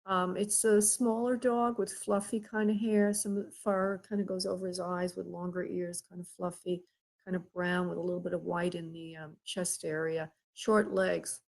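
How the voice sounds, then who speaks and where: A woman hosting a live psychic reading, speaking haltingly with many pauses and calling the caller by endearments. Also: on the low side, flat delivery, gravelly, darkish tone, poor audio. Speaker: psychic medium host.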